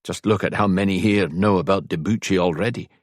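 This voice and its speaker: A man voicing a blunt Highland warrior with a Scottish accent and firm speech. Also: a little fast, no room sound, clean studio sound.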